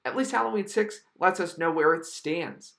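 A man reviews a film in an exasperated, swearing rant, leaning hard on his words. His voice sits a little high and has a gravelly edge. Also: normal speed, a bit bright. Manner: profane, exasperated, emphatic. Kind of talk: ranting film review monologue.

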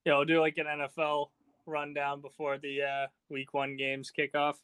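Brash man with a bright, crisp voice. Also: on the high side, completely flat delivery, normal speed, no echo. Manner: blunt, brash trash talk. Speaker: sports podcast co-host. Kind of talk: casual sports chat.

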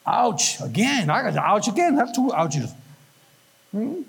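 Male pastor, husky, high lively delivery, call-and-response sermon. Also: unhurried. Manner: animated preaching with call-and-response.

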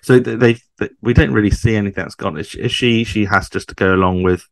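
A man's voice: fairly low pitch, quick pace, vocal fry. A man co-hosting a podcast, chatting casually through a sitcom episode and asking his co-host questions as he goes.

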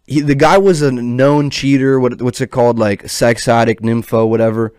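A young man rants on his podcast, cursing freely and tripping over his words as he heats up. His voice sits at an ordinary pitch. The sound is dry and close, with no room around it. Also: fairly even intonation, moderate pace, a little mellow, smooth, dry recording. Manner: profane, rambling, heated. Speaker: podcast host. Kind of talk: casual podcast rant.

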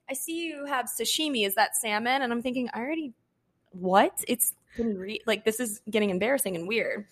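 A young woman co-hosting a podcast, telling a dating story in casual chat, acting out what people said and laughing often. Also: fairly high pitch. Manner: animated, quotes people in her own voice, laughs often. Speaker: podcast co-host.

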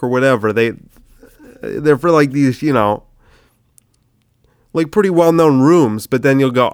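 Smooth-voiced man rambling casually, sick. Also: medium pitch, a little slow, long pauses, no echo, clean studio sound. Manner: loose, swearing, says "dude" a lot. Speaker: comedian podcast host.

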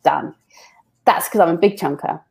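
A woman's voice: on the low side, normal speed, creaky, a little mellow, husky. A woman in an interview, explaining how she works with people, with a chatty manner full of restarts and repeated words. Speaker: business owner guest. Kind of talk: casual interview talk.

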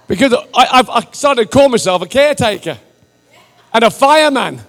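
A man preaching to a church, joking and animated, laughing often and rising almost to a shout. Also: very high voice, normal speed. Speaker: visiting missionary preacher. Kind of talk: sermon, casual and joking. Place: large church hall. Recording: live church hall with reverb and faint music.

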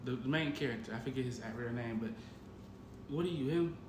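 A man co-hosting a casual podcast chat, playful and teasing, animated, often repeating words. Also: mid-range voice, a little fast. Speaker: co-host. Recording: echoey room with noise.

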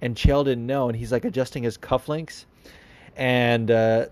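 A man's voice: mid-range voice, steady tone, unhurried, darkish tone. A man hosting a podcast, answering listener questions in casual, rambling chat with lots of fillers and restarts. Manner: rambling, many fillers and restarts, laughs often. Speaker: podcast host.

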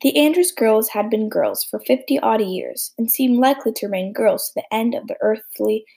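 A woman narrating an audiobook of a classic novel in a steady, measured reading with a husky, gravelly voice. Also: on the high side.

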